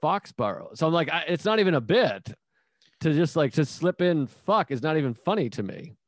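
A man's voice: on the high side, big pitch swings, moderate pace, no echo, studio quality. Swearing man telling rambling anecdotes. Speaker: podcast host. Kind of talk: casual chat.

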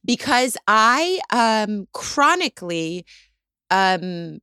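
A woman's voice: medium pitch, big pitch swings, extremely slow, pushed and bright, clear, resonant tone, dry recording, clean studio sound. Candid laughing woman, casual chat. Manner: candid, self-mocking, laughs often. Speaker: co-host.

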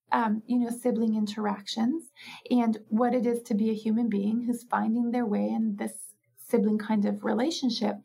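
In an interview, a woman speaking as a parenting expert explains things reflectively, often acting out small exchanges between parents and laughing easily. Her voice is fairly high, gravelly, slightly rough, and somewhat dark in tone.

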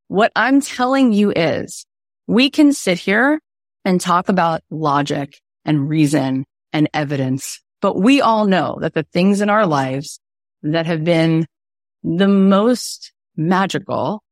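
Animated woman coaching, dry close sound. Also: lowish voice, slow, dry recording. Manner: animated storyteller, acts out quoted voices; earnest and inspirational. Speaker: podcast coach. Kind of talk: motivational online workshop talk.

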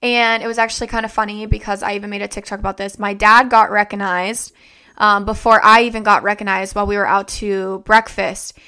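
A woman's voice: mid-range voice, flat delivery, a little fast, bright, forceful tone, smooth. A young woman vlogger telling a personal story in a rambling, conversational way, full of fillers and restarts.

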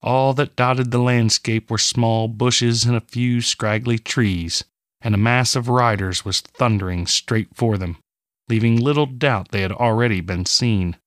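A man with a mid-range voice narrates a fantasy audiobook, telling the story in a measured, even way. The recording is dry, with clean studio sound.

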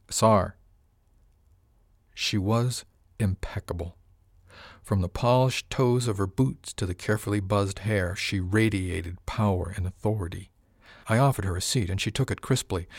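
Low-voiced man reading a story. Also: no room sound, clean studio sound. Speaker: narrator. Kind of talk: audiobook narration.

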